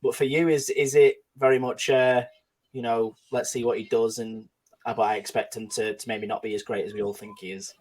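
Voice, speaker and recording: A man's voice: medium pitch, little pitch movement, brisk, a little mellow. Man hosting a casual football podcast. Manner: hesitant, many fillers and restarts, asks questions. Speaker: podcast host.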